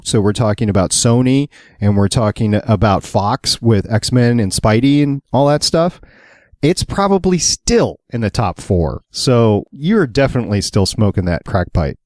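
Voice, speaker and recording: A man co-hosting a podcast, his pitch sitting right in the middle for a man. He chats casually and makes his points with teasing emphasis. The sound is dry and close, with no room to it. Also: lively intonation, unhurried, a little mellow, dry recording. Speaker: podcast co-host.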